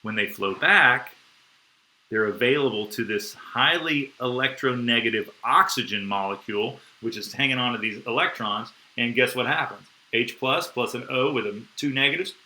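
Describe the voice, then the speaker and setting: Excitable teacher, bright tone. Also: male voice, mid-range voice, moderate pace, low-quality recording. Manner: excitable, slangy, playful sound effects. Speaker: biology teacher. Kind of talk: enthusiastic live-streamed lecture.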